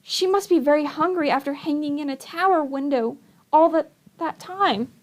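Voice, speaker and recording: A woman voicing a bright, anxious teenage orphan girl in a storybook reading, high and eager. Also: normal speed, natural voice.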